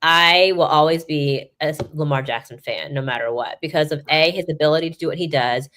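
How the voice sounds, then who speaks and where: A woman sports reporter chatting as a guest on an interview show, telling stories in an animated way, full of "like" and "you know". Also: sits low, a little fast. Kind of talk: casual interview chat. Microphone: remote live-stream mic.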